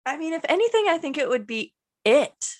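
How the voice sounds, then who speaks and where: A woman's voice: high-pitched, sing-song. A woman co-hosting a book podcast, chatting casually with lots of "like" and easy laughter. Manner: chatty, peppered with "like", quick to laugh. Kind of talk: casual chat.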